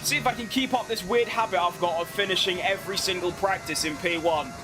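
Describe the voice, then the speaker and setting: A man's voice: high-pitched, a little fast, music in the background. A young man giving casual, self-mocking commentary as he plays a racing game, rambling and restarting his sentences. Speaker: gaming video creator. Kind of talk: casual commentary over gameplay.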